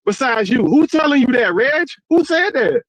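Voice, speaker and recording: A man's voice: extremely high pitch, sing-song, normal speed, fairly bright tone, no room sound, poor audio. A man arguing heatedly in an online debate, insistently repeating demands for proof and calling the other man "bro". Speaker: debate guest.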